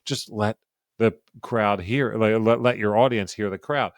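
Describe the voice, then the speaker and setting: A man's voice: fairly low pitch, unhurried, no room sound, clean studio sound. A man co-hosting a sports betting podcast in casual, profane chat, often stumbling and repeating words. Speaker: podcast co-host.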